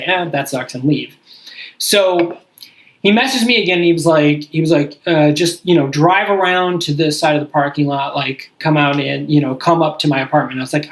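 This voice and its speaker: A man's voice: a little high, low-quality recording. A young man hosting a podcast, telling a story in a rambling, profane way, full of "like" and "I was like.". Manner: profane, rambling, heavy use of "like". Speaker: podcast host. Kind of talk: casual storytelling chat.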